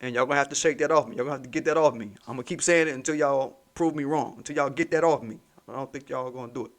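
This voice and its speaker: A man's voice: medium pitch, racing. A man hosting his own commentary channel, ranting in a heated, mocking, profane way and repeating points for emphasis.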